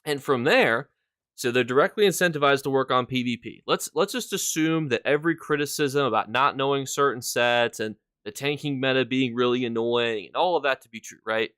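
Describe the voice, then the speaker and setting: A man talks loosely to his stream audience, wandering through his thoughts with lots of fillers. His voice is smooth and clear at a middle pitch. It sits close and dry on the mic. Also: fairly quick, fairly bright tone, dry recording. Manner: chatty, rambling, thanks viewers between points. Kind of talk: casual live-stream chat.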